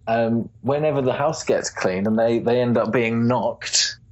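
A man with a husky voice, an easygoing guest in a casual interview who laughs often. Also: mid-range voice, unhurried. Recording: dull lo-fi recording.

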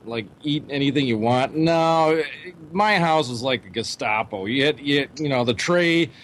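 A man's voice: medium pitch, moderate pace, fairly bright tone. A man telling a wry, rambling story about his childhood in a podcast chat. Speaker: podcast co-host. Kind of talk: casual chat.

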